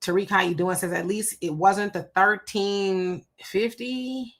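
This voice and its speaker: A woman's voice: medium pitch, steady tone, measured pace. A woman hosting a livestream, greeting commenters by name and reacting casually to their messages. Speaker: livestream host reading chat comments. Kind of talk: casual live-chat commentary.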